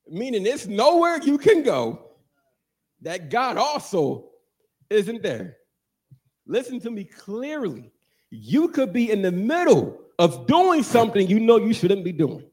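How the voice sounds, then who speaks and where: Guy preaching, husky voice, pitch jumping all over, teasing the church and asking them questions. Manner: animated, call-and-response, jokes with congregation. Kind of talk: sermon.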